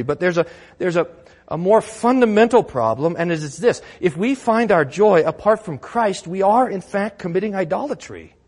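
A male pastor preaching a sermon in an earnest, conversational way, asking rhetorical questions. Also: sits high.

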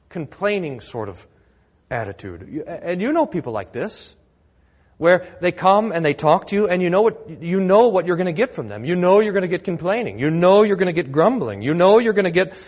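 A man's voice: on the high side, long reverb tail. A man preaching a sermon as pastor, telling the story with acted-out quotes and laughing along.

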